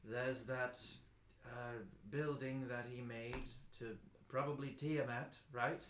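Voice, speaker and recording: A man's voice: mid-range voice, level tone, slow, a bit bright, slight background noise. Hesitant man with a roomy echo. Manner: hesitant, trailing off with fillers. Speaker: tabletop game player. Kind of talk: casual role-play chat.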